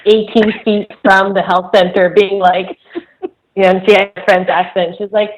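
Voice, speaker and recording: A woman's voice: medium pitch, level tone, moderate pace, muffled recording. A woman co-hosting a podcast, telling camp stories in casual chat and laughing as she talks. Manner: giggly storyteller who laughs mid-sentence. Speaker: podcast co-host, camp director.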